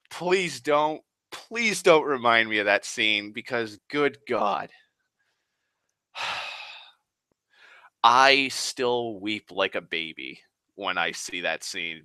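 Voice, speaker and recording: A man rambling casually on a live stream, excitable and sweary, sighing often. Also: lowish voice, smooth, no room sound. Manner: excitable, profane, sighs often.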